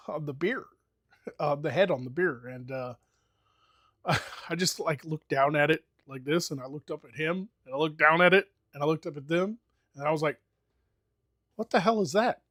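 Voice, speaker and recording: A man's voice: a little high, moderate pace, pauses often, a bit bright, no echo, clean studio sound. An American man streaming and chatting casually, telling rambling, profane stories with lots of fillers. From United States. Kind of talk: casual chat.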